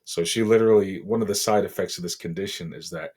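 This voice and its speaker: A middle-aged man from Boston, a podcast guest, telling a painful personal story in a halting, emotional way with many fillers. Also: sits low, steady tone, darkish tone, breathy edge. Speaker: interview guest.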